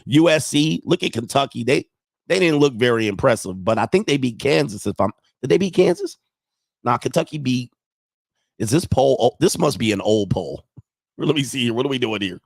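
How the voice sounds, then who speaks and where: A man of ordinary pitch hosts a loose sports livestream, wandering from point to point and thinking out loud. His voice sounds dry and close, with no room around it. He chuckles between thoughts. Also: sing-song, normal speed, vocal fry, dry recording. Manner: rambling, thinks aloud, chuckles often. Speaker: sports show host. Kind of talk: casual livestream sports chat.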